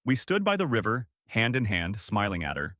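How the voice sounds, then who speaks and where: Brief: male storyteller, lively dramatic delivery, dry close sound. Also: on the low side, moderate pace, no room sound. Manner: dramatic, emotional. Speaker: narrator. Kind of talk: first-person storytelling narration.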